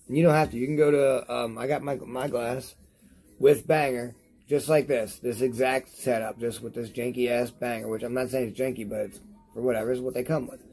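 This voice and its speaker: A man reviewing products on his vlog in a rambling, profane rant to camera while he is high, repeating himself as he talks. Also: steady tone, brisk, a little mellow, slightly rough.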